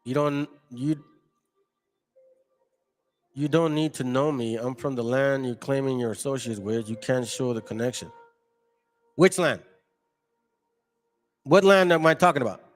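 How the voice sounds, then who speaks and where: A man's voice: medium pitch, unhurried, long pauses, faint music behind. A man hosting a livestream, arguing with and mocking viewers in the chat in a combative, confrontational way. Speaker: channel host. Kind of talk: livestream commentary reading chat.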